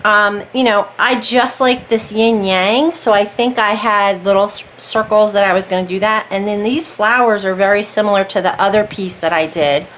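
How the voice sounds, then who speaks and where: A woman's voice: mid-range voice, fairly even intonation, normal speed, few pauses, fairly bright tone, a little hiss or hum, poor audio. A woman vlogging about her crafts in a casual, rambling way, often breaking off and starting sentences again. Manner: chatty, rambling, self-interrupting. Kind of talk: casual chat. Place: warm room at home.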